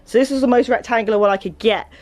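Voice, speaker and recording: A young woman with an English accent chatting casually in a vlog, self-deprecating and jumping into high excited tones. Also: very fast. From England. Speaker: vlogger.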